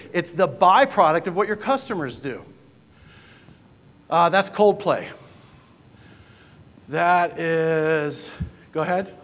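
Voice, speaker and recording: A man's voice: high-pitched, a bit bright. A man giving a joking, punchy keynote talk to a conference audience, often asking the crowd questions. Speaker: conference speaker. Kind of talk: keynote presentation to a live audience. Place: large conference hall. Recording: distant hall reverb, faint ambience.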